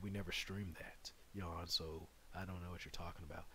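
A man streaming a game live, chatting with viewers and bursting into loud excited yells. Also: deep voice, moderate pace, noisy background. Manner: excitable, bursts into loud yelling, banters with chat. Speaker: gaming streamer. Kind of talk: live gameplay commentary.

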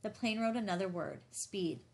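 A woman reading a novel aloud as an audiobook narrator, measured and even. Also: mid-range voice. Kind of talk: scripted narration.

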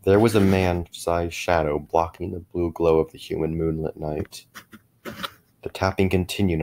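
A middle-aged man with a very low, deep voice reads a first-person horror story. His delivery is measured, and he often stumbles and restarts small phrases. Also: fairly even intonation, darkish tone, slight background noise. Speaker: narrator.

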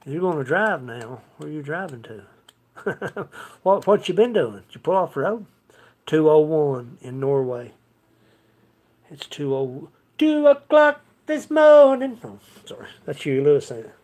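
A man's voice: on the high side, sing-song, unhurried, a little mellow. A man hosting a live music stream, chatting with viewers between songs in a folksy, laughing way over his acoustic guitar. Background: his own acoustic guitar.

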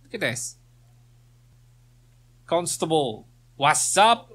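Bright-voiced man doing easygoing gameplay commentary. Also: on the high side, lively intonation, takes it slowly, long pauses. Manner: reads quest text aloud, joking and laughing. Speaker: let's play gamer.

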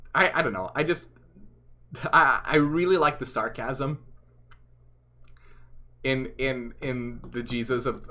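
Man, earnest explainer host, bright tense tone, mid pitch. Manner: earnest, emphatic, trails off softly. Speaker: channel host. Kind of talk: spoken explainer lecture.

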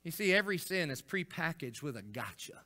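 A middle-aged man, preaching a folksy, animated storytelling sermon as a senior pastor. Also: on the high side, fairly quick. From Florida. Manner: folksy, animated storytelling with acted-out quotes and rising intensity.

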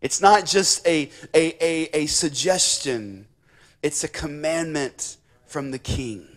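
Man preaching in church, somewhat high voice, emphatic and repetitive, rising fervor. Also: takes it slowly, fairly bright tone. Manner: emphatic, repeats key words, rises in fervor. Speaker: guest preacher, missionary. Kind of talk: sermon. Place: church sanctuary.

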